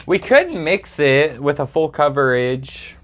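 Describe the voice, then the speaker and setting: Excitable young man with a lively, swooping voice. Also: on the high side, slow pace. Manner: excitable, dramatic squeals and sassy asides. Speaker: makeup vlogger. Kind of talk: casual makeup review chat. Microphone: phone camera.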